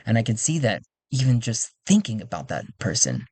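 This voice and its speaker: A man's voice: fairly low pitch, wildly swooping pitch, a little fast, a little mellow, slightly rough, no room sound, exaggerated voice. A man voicing a confident male negotiator with a bionic eye, in a solo role-play game. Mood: persuasive.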